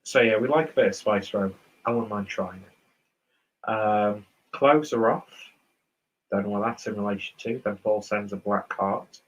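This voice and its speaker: A man with a low, husky voice and a posh southern English accent, hosting a relaxed livestream. He drifts between comments in a rambling, self-mocking way. His tone stays easygoing and chatty. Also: unhurried, muffled recording. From northern England. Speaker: beer reviewer streaming host. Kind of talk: casual livestream chat, reading out viewer comments.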